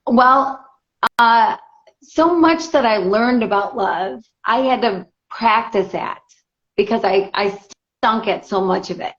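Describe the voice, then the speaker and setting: A woman's voice: a little high, slow pace. A middle-aged woman, a guest author, telling a personal story in casual conversation and acting out what people said. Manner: animated storyteller, acts out quotes. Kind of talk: casual interview chat. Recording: dull lo-fi audio.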